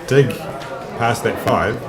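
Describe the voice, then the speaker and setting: A man commentating live on a card game tournament, talking in halting bursts and restarting his sentences. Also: medium pitch. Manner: halting, restarts mid-thought. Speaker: stream commentator. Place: busy tournament hall. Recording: echoey venue, noisy crowd.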